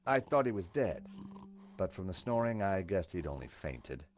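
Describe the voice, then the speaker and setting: A wry game hero narrating. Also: male voice, low voice, big pitch swings, moderate pace. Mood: dry. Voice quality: dry, wry. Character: wry male hero narrating his adventure.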